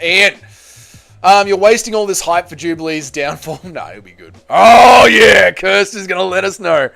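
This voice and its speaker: A man's voice: sits high, normal speed, vocal fry. Rowdy young man streaming. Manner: loud, swearing banter with sudden excited shouts. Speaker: livestream host. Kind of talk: casual livestream chat reading viewer comments.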